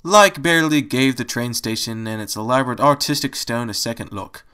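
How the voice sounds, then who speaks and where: A man's voice: mid-range voice, fairly quick, pushed and bright, smooth. A man reading a fan-fiction story aloud, adding wry asides between passages. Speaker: story reader.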